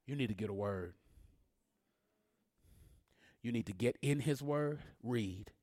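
A man preaching a sermon as pastor, leading call-and-response and swinging between hushed, drawn-out lines and loud, rising ones. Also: fairly low pitch, dry recording, studio quality.

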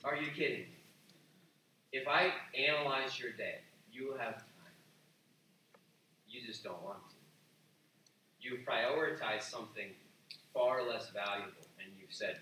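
Echoey, bright-voiced male preacher. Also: medium pitch, expressive, unhurried, pauses often, slight background noise. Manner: conversational and emphatic, with loud acted-out asides. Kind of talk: sermon. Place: large room with an audience. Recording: echoey room, voice from a distance, faint ambience.

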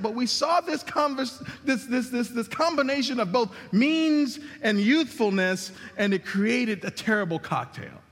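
A man preaching a sermon as pastor, emphatic, with sweeping swings in pitch and volume. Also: a bit bright, big-room sound. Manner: emphatic preaching with dramatic drops and rises in pitch.

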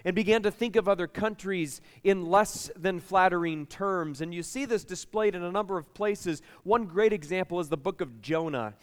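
Chatty pastor with a clear, resonant voice. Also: male voice, high-pitched, normal speed, few pauses, in a large hall. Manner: lively, chatty storytelling with the congregation. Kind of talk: sermon with personal stories.

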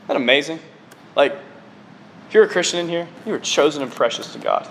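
A man preaching a sermon to his congregation in an excitable, conversational way, often dropping in casual fillers. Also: on the high side, fast, a little hiss or hum. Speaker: preacher on staff.

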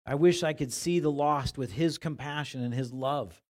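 A man preaching a sermon in a conversational way, growing animated when he retells the passage in everyday words. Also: fairly high pitch, normal speed. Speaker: pastor.

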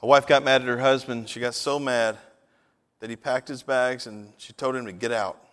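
A male pastor delivers a folksy, conversational sermon in a worship hall. His voice sits at a middling pitch and trails a long reverb through the room. He checks in with his listeners as he goes. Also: fairly even intonation, normal speed, a bit bright. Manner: folksy, conversational, asks the congregation. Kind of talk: sermon with jokes.

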